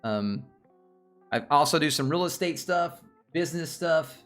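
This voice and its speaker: A man's voice: a little high, animated, measured pace, a bit bright, soft background music. A man with a Southern US accent hosting a casual livestream, rambling and chatting with viewers. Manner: rambling, repeats himself, chats with viewers. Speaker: livestream host. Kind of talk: casual livestream chat about stocks.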